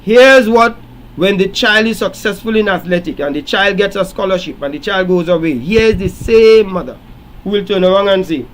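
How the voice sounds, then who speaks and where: A man's voice: high-pitched, normal speed, low-quality recording. Preachy man hosting late-night radio. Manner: preachy storytelling, rising to emphatic lecturing. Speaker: radio show host.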